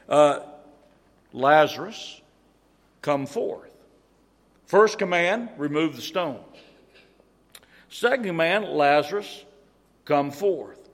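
A man preaching a sermon in a church, his voice sitting a little higher than most men's. He talks earnestly, repeating and restarting phrases to drive each point home. A long reverb trails his words through the hall.

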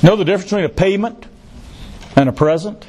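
A man's voice: high-pitched, fast talker, darkish tone. A male pastor preaching a sermon, who repeats key phrases for emphasis and adds joking asides.

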